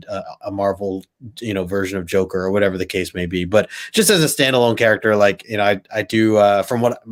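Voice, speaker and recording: A male co-host in a casual comic book chat, rambling with many fillers. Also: fairly low pitch. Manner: rambling, many likes and ums, laughs easily.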